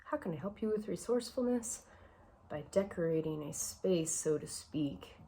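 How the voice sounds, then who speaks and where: A woman's voice: on the low side, animated, moderate pace, dark tone, slight background noise. A woman vlogger giving casual personal advice, reflective and a bit emotional, with a shaky voice and many fillers.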